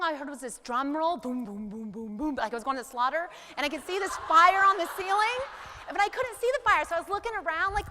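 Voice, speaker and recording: A woman in her forties gives a motivational talk to a live audience in a hall with long reverb. Her voice is bright and a little high, and she tells her stories in a lively way, acting out her own thoughts. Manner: animated storytelling, quoting her own thoughts. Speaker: business speaker.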